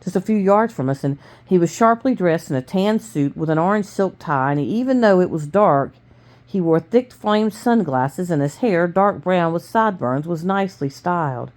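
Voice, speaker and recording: A woman reading a novel aloud to her family in plain, steady storytelling with small stumbles. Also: fairly low pitch, normal speed. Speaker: family reader.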